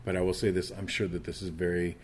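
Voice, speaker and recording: A man's voice: sits low, little pitch movement, fast, a little mellow, slight background noise. A middle-aged man preaching a sermon in an earnest, conversational way, often restarting his sentences. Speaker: pastor.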